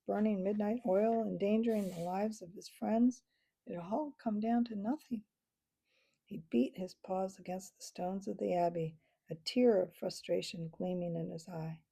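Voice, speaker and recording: A woman reading a children's book aloud, expressive and unhurried, with small slips here and there. Her voice is gravelly, husky and mellow. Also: medium pitch. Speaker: storyteller.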